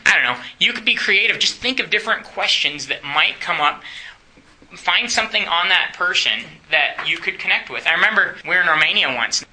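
A man's voice: on the high side, expressive, fairly quick, pushed and bright, a little hiss or hum, poor audio. A man teaching a church class in a chatty way, often asking the room questions and laughing.

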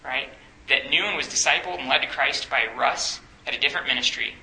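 Young man, ministry teacher, very bright tone, chatty, asks questions, jokes with the group. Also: mid-range voice, brisk, echoey room, a little hiss or hum, rough recording. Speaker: campus ministry staff teacher. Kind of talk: Bible study teaching.

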